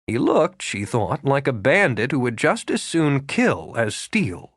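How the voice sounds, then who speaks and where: A man reading a romance audiobook aloud, with expressive storytelling. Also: mid-range voice, unhurried, dry recording, clean studio sound. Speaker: audiobook narrator. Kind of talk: scripted narration.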